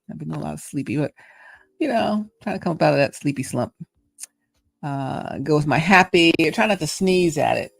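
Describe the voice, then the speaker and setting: A woman's voice: deep voice, vocal fry, a little mellow, no echo. A middle-aged woman with a Southern US accent, hosting a casual reflective monologue, chatty and playful as she muses aloud. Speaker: host.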